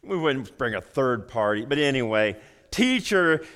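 A man preaching a sermon as pastor in a church, folksy and animated, often repeating and restarting phrases. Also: mid-range voice, normal speed. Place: church sanctuary.

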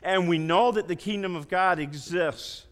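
Emphatic preacher man in a reverberant hall. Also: normal speed. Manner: emphatic, swinging between loud emphasis and hushed lows. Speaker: pastor. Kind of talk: sermon.

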